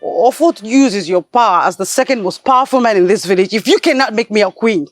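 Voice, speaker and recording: A woman's voice: medium pitch, brisk, dry recording, soft background music, lightly acted. A woman playing a defiant lovesick girl. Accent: Nigerian. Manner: insistent and defiant. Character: willful, lovesick young girl. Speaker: chief's daughter.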